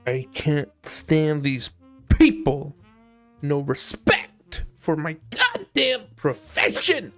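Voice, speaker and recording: A man's voice: a little high, steady tone, very slow, faint music behind. A man live-streaming while he sculpts, chatting casually and joking in a profane, mock-aggressive way.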